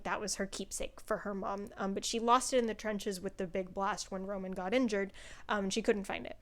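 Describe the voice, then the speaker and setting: A young woman talking casually through a book review, chatty, with many fillers and some swearing when excited. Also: medium pitch.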